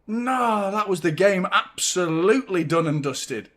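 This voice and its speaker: Excitable football fan. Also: male voice, high voice, a little slow. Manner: excitable, swearing, chanting along. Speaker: fan channel host. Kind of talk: live football watchalong commentary.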